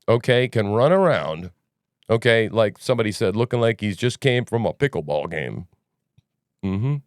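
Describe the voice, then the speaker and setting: A man's voice: medium pitch, no room sound, clean studio sound. A man hosting a news commentary podcast, talking casually in a rambling, sarcastic way. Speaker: podcast host.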